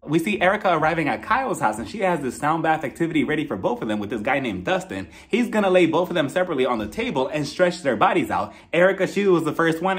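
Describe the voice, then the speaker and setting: A man recapping a reality show in casual, sassy, gossipy commentary. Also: a little high. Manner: gossipy, sassy, quick to laugh. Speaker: reality TV reviewer.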